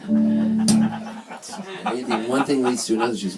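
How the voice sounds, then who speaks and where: A man telling a funny, self-mocking story to a live audience at a small venue, animated and laughing. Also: on the low side, normal speed, gravelly, long pauses. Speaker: singer-songwriter telling a story on stage. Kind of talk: live storytelling between songs. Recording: distant mic, faint room noise.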